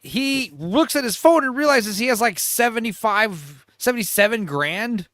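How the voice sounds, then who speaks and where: A man's voice: very high voice, animated, moderate pace, a bit bright, dry recording, studio quality. A young man casually recapping a movie, acting out the characters' lines in put-on voices and laughing often. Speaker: podcast co-host.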